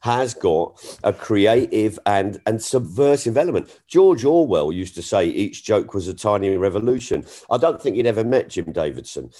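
Comedian, male, low voice, swings up and down, chatty storyteller. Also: normal speed, hardly any pauses. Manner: animated storyteller, jumps in pitch for punchlines. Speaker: stand-up comedian. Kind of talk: casual podcast conversation.

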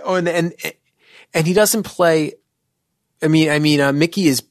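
A man's voice: fairly high pitch, moderate pace, dry recording, studio quality. A man co-hosting a podcast, dryly and exasperatedly critiquing a movie, with frequent restarts. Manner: wry, exasperated, stammering restarts. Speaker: podcast co-host. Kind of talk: casual movie review chat.

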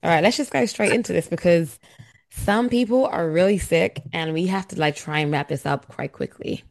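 Creaky-voiced woman in her late twenties. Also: fairly low pitch, normal speed, no room sound. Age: late 20s. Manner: giggly, reads listener messages aloud. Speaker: podcast co-host. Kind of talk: casual chat.

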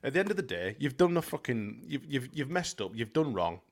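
A man's voice: medium pitch, very animated, brisk. A man hosting a fan podcast, ranting bluntly with plenty of swearing. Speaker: podcast host. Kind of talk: casual podcast chat.

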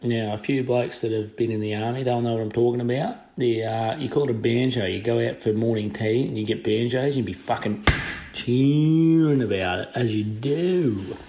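A man's voice: medium pitch, normal speed, mellow. A man with an Australian accent, leaving a rambling voice message for a podcast. He tells a sweary story in a chatty, wandering way. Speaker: caller.

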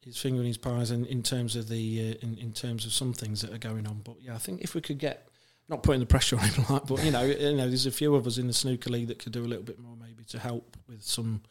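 A man's voice: mid-range voice, fairly even intonation, quick pace, hardly any pauses. A man, a podcast guest telling rambling anecdotes with many fillers and restarts. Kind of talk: casual chat, telling anecdotes.

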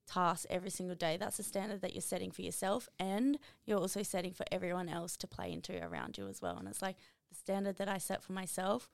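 A young adult woman, a podcast guest and coach, talking in an energetic, emphatic casual chat full of "like". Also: fairly low pitch, fast, creaky, hardly any pauses, dry recording. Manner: energetic, emphatic, many fillers like "like". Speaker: podcast guest, running coach and motivational speaker.

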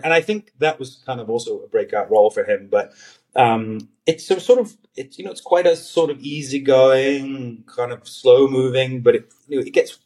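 A man's voice: medium pitch, a little mellow. Rambling, hesitant man chatting casually. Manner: rambling, hesitant, with many restarts and fillers. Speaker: guest actor. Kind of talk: casual podcast chat.

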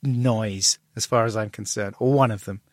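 A middle-aged man telling a candid story as an interview guest, self-deprecating, and animated when he acts out dialogue. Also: on the low side, moderate pace.

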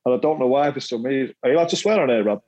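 A man's voice: mid-range voice, rapid-fire, a little mellow, lo-fi sound. Laughing Mancunian man telling stories. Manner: self-deprecating, laughs often, repeats words. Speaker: guest, former footballer. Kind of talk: casual storytelling chat.

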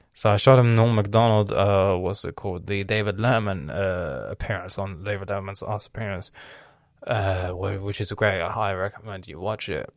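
A young man talking in a casual, rambling monologue, cursing often and filling pauses with ums and restarts. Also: on the low side, no echo, clean studio sound. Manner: profane, rambling, with many fillers and restarts. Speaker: vlogger.

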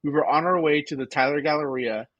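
A man's voice: fairly high pitch, fast talker, highs cut off. A man in his twenties co-hosting a podcast, chatting casually through an episode recap with lots of fillers and teasing. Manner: rambling, filler-heavy, teasing. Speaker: podcast co-host.

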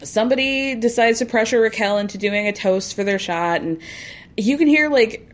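A woman's voice: on the high side, moderate pace. A woman recapping a reality show in casual, opinionated commentary, with sarcastic asides and put-on voices for quotes.

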